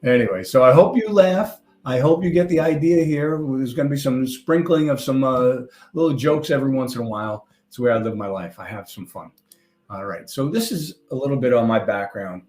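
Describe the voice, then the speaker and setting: An older man with a New York accent is giving a conference presentation from a stage. He talks in a loose, conversational way, tossing in small jokes and asides, at a middle pitch. His voice rings out in a roomy hall. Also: brisk, darkish tone, faint music behind. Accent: New York (Long Island). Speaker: conference speaker. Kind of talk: presentation talk.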